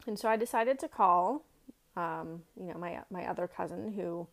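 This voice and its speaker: Middle-aged woman, low gravelly voice, earnest personal storyteller, halting and reflective. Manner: earnest, reflective, many fillers and restarts.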